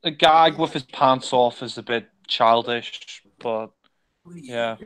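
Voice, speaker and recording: Man, film commentator, bright tone, crisp smooth voice, casual rambling chat. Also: mid-range voice, takes it slowly, poor audio. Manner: rambling, chatty, lots of fillers.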